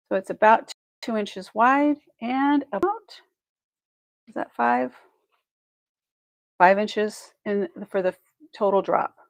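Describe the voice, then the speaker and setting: A woman's voice: mid-range voice, creaky, dry recording, rough recording. A woman hosting a live online jewelry sale, chatty and effusive, thinking aloud as she measures pieces and thanks buyers. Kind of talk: live shopping stream chat.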